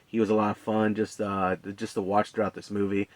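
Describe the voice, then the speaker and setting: A man with a fairly low voice gives a relaxed, unscripted movie review. He rambles, with plenty of fillers and restarts. The sound is close and dry, with no room echo. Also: brisk. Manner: relaxed, conversational.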